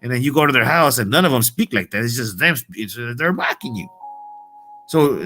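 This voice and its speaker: A man's voice: medium pitch, animated, brisk, pushed and bright, faint music behind. A man delivering a heated, profane, slangy monologue as a motivational vlogger. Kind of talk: casual ranting monologue.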